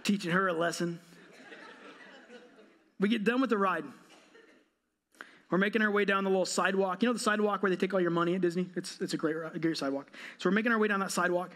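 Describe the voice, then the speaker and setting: High-voiced man preaching a funny story. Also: steady tone, fast, pauses often, a bit bright. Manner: humorous storytelling, self-mocking. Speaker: pastor. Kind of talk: sermon. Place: church.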